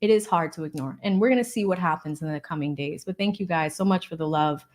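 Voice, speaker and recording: A woman hosting a casual livestream, thanking donors by name and explaining legal points in an animated, bubbly way. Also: deep voice, fast. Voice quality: animated, bubbly, laughs often. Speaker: legal commentary livestream host. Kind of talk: casual livestream chat, reading donations.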